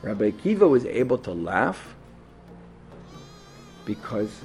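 A man teaching a Torah lesson, telling the story in a lively way with asides and restarts. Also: fairly low pitch, a little slow, music in the background.

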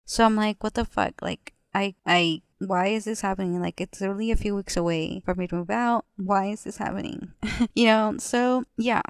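Twenties woman, solo podcast host; chatty profane venting, gravelly fry, dry close mic. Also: medium pitch, steady tone, moderate pace, no room sound. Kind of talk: casual solo podcast chat. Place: apartment living room.

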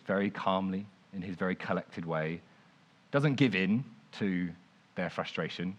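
Animated young preacher. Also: male voice, mid-range voice. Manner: animated, conversational, frequent "like". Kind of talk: informal sermon storytelling.

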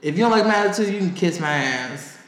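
Male podcast co-host, lively slightly high voice, profane storyteller, echoey room. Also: fast. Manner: animated, profane, high-pitched when quoting others. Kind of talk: casual storytelling.

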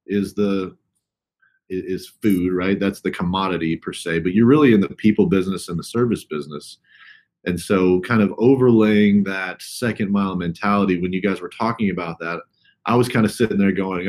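A man's voice: sits low, moderate pace, a little mellow. A man interviewing a guest, asking long, winding questions with many fillers.

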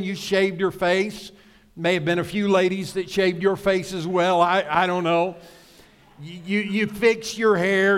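A middle-aged man preaching a sermon as pastor, slow and deliberate, mixing scripture with humorous stories. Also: high voice, a bit bright, smooth. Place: church sanctuary.

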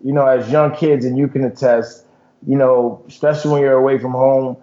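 Man, ex-football player, podcast co-host, relaxed, filler-heavy, muffled audio. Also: medium pitch, brisk. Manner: relaxed, lots of "you know" and "man". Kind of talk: casual sports chat.

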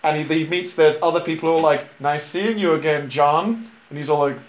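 A man with a slightly high voice retells a film to friends, swearing freely and jumping into the characters' lines. The recording is roomy and echoey. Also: brisk. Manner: animated retelling with swearing and impressions. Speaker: podcast co-host recapping a film. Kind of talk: casual chat. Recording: roomy echo.

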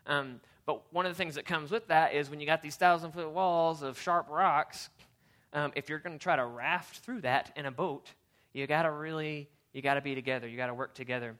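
A youth pastor giving a casual, storytelling sermon, chatty and animated, with lots of fillers and restarts. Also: male voice, on the high side, fairly quick.

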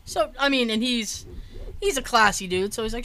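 A chatty woman with a bright, forceful voice, telling a story in a relaxed podcast chat. She rambles a little and leans on fillers as she goes. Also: on the high side, a little fast. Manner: chatty storyteller, lots of likes and ums. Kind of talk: casual chat.

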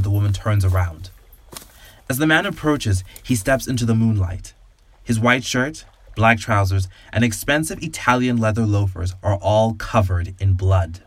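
A man hosting a podcast and narrating a story in a calm, measured, soothing way. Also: on the low side, slight background noise. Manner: calm, slow, soothing guided-imagery delivery.

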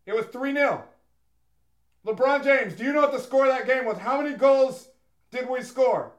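A man's voice: very high-pitched, moderate pace, lo-fi sound. A man improvising a brash, scornful male football manager at a press conference, in a comic impression. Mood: defiant. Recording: roomy echo.

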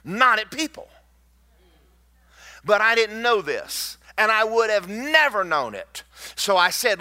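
A man, a pastor telling stories in a sermon, emphatic and swinging between loud and hushed. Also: sits high, sing-song, slow.

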